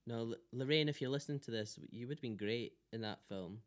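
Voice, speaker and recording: A Scottish man talks casually as a podcast guest, animated and quick to laugh. His voice has an ordinary, medium pitch. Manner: laughs often, animated storytelling. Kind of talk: casual chat.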